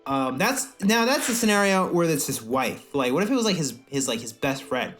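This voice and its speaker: A man's voice: on the high side, big pitch swings, moderate pace, fairly bright tone, faint music behind. A young man co-hosting a crude comedy podcast, rambling and swearing, sometimes slipping into silly put-on voices to act out scenes. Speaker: podcast co-host.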